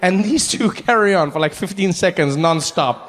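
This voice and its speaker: A man telling a story in a stand-up comedy set, animated and acting out each character. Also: fairly high pitch, normal speed, long reverb tail. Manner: animated, acts out every character.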